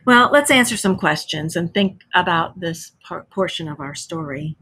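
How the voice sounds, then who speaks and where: A woman teacher reads a story aloud to children with plenty of expression. She then pauses to explain it and ask questions. Her voice has a slightly husky edge. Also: lowish voice, animated, bright, forceful tone. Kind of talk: reading a story aloud to a class.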